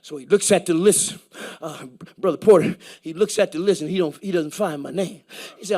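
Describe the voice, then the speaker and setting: High-voiced, animated man preaching a story. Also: brisk. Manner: lively, laughing storyteller who acts out dialogue and builds to shouted praise. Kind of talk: storytelling sermon. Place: church.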